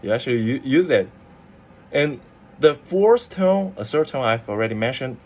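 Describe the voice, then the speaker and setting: A man's voice: medium pitch, animated, normal speed, darkish tone. A man, a Mandarin speaker, casually explaining language tones, with many "like" fillers and restarts. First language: Mandarin Chinese. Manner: chatty, full of "like" fillers and restarts. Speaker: language teacher.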